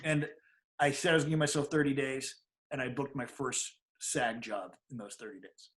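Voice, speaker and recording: Speaking at a normal speed in a mid-range voice, this middle-aged interview-show guest shares a personal anecdote. He's casual and animated, performing the voices of anyone he quotes.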